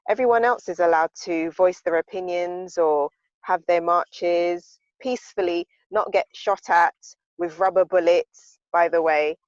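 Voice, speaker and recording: A woman with a lowish voice takes part in a group discussion over a video call, speaking at a measured pace. She stresses words heavily and often repeats them to drive a point home. Her voice comes through muffled, lo-fi audio that is very dry, with no room sound.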